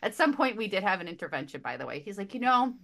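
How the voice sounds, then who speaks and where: A woman in a casual book chat, speaking at a mid pitch for a woman. She gushes and is emotionally expressive, trips over her own words and repeats herself as her thoughts race ahead. She talks like a panelist among friends. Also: vocal fry. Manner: quick restarts and repeated words. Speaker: podcast panelist.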